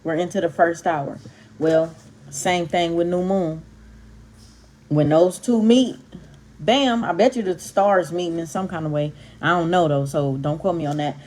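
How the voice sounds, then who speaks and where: With a lowish, slightly mellow voice and a measured pace, a woman from Compton, California gives a heartfelt, casual Bible talk to camera as a vlogger. She emphasizes by stressing and elongating words, with street slang and punchy exclamations.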